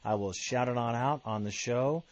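A man's voice: medium pitch, moderate pace, a little mellow, lo-fi sound. A man hosting a fan podcast, talking in a casual, emphatic monologue full of enthusiasm. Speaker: podcast host.

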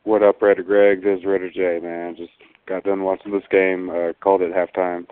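Deep-voiced frustrated male phone caller. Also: level tone, moderate pace, smooth. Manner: frustrated, rambling with restarts. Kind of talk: phoned-in fan rant. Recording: tinny phone line.

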